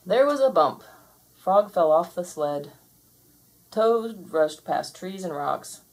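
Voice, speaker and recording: A woman reading a children's picture book aloud in a gentle, measured way. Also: on the low side, animated. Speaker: storybook reader. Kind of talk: children's story read-aloud.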